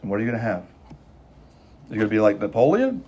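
On a lo-fi recording, a male pastor with a lowish, warm voice swings widely in pitch as he preaches. Urgent and emphatic, he repeats important lines and changes pace, speeding up and slowing down.

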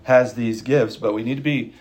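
A man's voice: mid-range voice, fairly even intonation, a little mellow. A man preaching a sermon, emphatic and urgent, repeating key lines and changing his pace. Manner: emphatic, repeats lines for stress, speeding up and slowing down. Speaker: pastor.

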